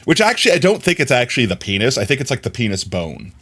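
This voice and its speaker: A young man livestreaming, chatting casually with his viewers and telling stories in an animated way. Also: mid-range voice, fast talker, slightly rough. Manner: animated storyteller, often laughing.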